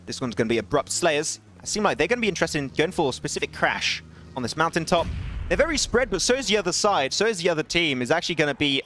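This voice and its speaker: A young man calls a mobile battle royale match by himself on a live stream. He talks quickly and climbs into excited shouts at the big plays. His voice sits high. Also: slight background noise. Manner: excitable, rising to shouts at big plays, laughing apologies to chat. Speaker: esports caster. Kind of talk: solo live esports play-by-play.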